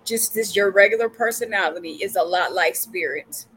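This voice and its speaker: A woman's voice: mid-range voice, normal speed, fairly bright tone, slight background noise, poor audio. A woman co-hosting a casual interview, making affirming remarks to the guest. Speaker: podcast co-host.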